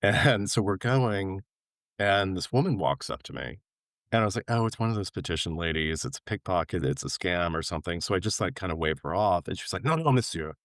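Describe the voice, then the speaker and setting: A man from New York tells a travel story in casual interview chat, with a low voice. He jumps up in pitch to act out the people he quotes. The recording is dry and close. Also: brisk, no room sound. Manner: animated anecdote-telling, acting out quoted voices with big pitch jumps. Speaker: podcast guest.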